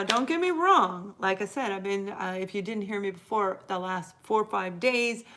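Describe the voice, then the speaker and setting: A middle-aged woman hosts a live tarot reading, her voice sitting at an ordinary middle pitch. She speaks earnestly and warmly encouraging, addressing viewers directly and leaning on key words by drawing them out. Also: a little hiss or hum. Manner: earnest, encouraging, talks straight to viewers with drawn-out emphasis. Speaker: tarot reader and host.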